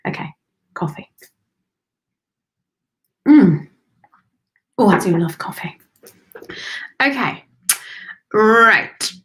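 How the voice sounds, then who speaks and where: A woman's voice: mid-range voice, expressive, drawn-out words, pauses often, fairly bright tone. Effusive woman doing a spiritual reading. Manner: affectionate, calls listeners honey and darling; chatty and effusive, thinking aloud. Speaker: spiritual card reader and host. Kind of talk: live-streamed intuitive card reading.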